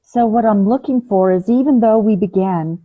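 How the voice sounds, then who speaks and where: A woman teaching a breathing class over a video call, calm and patient, demonstrating the breaths aloud. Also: mid-range voice, moderate pace, dry recording. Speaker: ayurveda and yoga teacher. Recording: phone-like, narrow band.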